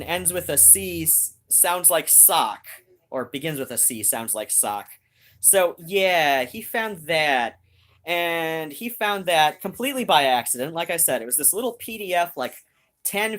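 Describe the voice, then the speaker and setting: A woman's voice: low voice, fairly bright tone. A woman hosting a live stream, chatting casually and rambling with many restarts, talking straight to her viewers. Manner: talks straight to viewers in chat.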